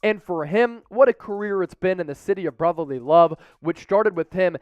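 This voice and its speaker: A man hosting a live sports news show, delivering energetic commentary with salesy hype. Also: sits high, normal speed, no echo, muffled recording.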